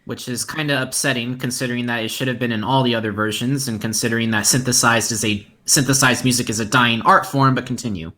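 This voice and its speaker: A man's voice: mid-range voice, fairly even intonation, quick pace, few pauses, bright, forceful tone. A man co-hosting a casual game podcast who tosses in wry asides and keeps nudging the host to continue. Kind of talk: casual chat.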